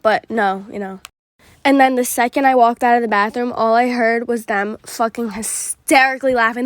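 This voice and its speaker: A woman's voice: a little high, steady tone, moderate pace, dry recording, studio quality. A young woman casually telling a personal story, frank and chatty, with lots of fillers and swearing.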